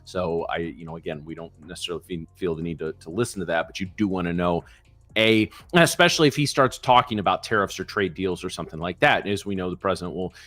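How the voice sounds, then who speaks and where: A man's voice: low-pitched, fast talker, fairly bright tone, no echo. A man co-hosting a live trading show, chatting casually and joking, rambling with many fillers and restarts. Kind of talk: casual chat.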